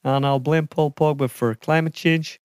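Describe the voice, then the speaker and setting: A man's voice: a little high, fairly even intonation, moderate pace, clean tone, no echo, clean studio sound, pitched above the performer's own voice, natural voice. A man doing an impression of a grumpy older football pundit who speaks in a blunt, grudging way. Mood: grumbling.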